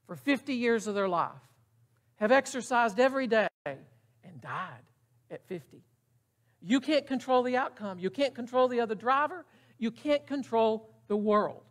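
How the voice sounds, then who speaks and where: A middle-aged man preaching a sermon in a casual, emphatic way, often putting questions to the congregation. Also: very high-pitched. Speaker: pastor.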